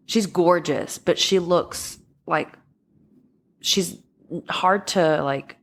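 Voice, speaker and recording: Woman w a stuffy nasal voice, low-pitched, rambly casual podcast chat. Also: extremely slow, vocal fry, fairly bright tone. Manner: rambling, with many fillers and restarts. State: stuffy, congested nose. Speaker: podcast co-host.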